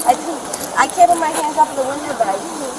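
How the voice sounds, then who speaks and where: Woman, soothing, tender, pleading, high voice, loud street noise on bodycam. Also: fast. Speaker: suspect's partner. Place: roadside traffic stop, outdoors. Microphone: officer's body camera.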